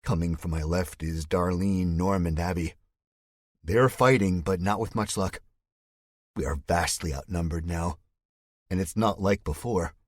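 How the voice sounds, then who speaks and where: A man with a low, husky voice narrates an audiobook in the first person. His delivery is tense and measured, recorded dry and close with no room sound. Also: dry recording.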